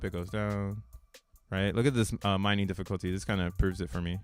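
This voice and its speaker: A man's voice: on the low side, fairly quick, a little mellow, clear, resonant tone, faint music behind. A man hosting a crypto channel who talks casually over a chart, slangy and rambling and laughing between points. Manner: rambling, restarts thoughts mid-sentence.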